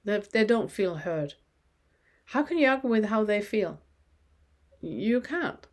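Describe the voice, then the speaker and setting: Calm and reflective, a woman guides a spiritual lesson at a slow pace in a mid-range voice. She poses rhetorical question after rhetorical question, steering the listener to look inward.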